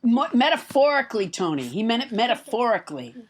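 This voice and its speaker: A woman hosting a comedy podcast, rambling and giggly, with halting restarts. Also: fairly high pitch, sing-song. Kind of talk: comedic banter.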